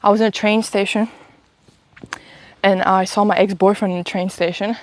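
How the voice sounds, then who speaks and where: A woman's voice: mid-range voice, steady tone, normal speed, dry recording. A young woman chats into her phone as she walks outdoors on a live stream. She rambles through stories with laughs and swearing, sounding a little under the weather. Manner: chatty, rambling storytelling with frequent laughs and swearing. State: sick, stuffy. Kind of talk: casual live-stream chat while walking. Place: outdoors walking uphill in a town.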